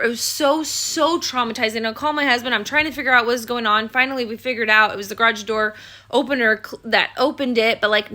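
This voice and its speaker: A woman recounts a personal story in a casual storytime vlog. Her voice is high, bright, and sharp. She rambles emotionally and fills her speech with fillers. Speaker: mother telling a personal story.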